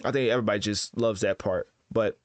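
A man giving casual commentary as host, rambling and correcting himself in relaxed slang. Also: on the low side, fast, no room sound. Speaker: host ranking rappers.

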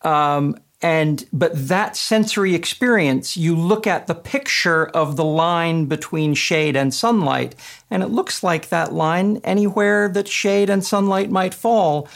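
A man co-hosting a podcast, telling an anecdote in an unhurried way with fillers. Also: on the high side, creaky. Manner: unhurried storytelling with laughs and fillers. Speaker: podcast co-host. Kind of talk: casual anecdotal chat.

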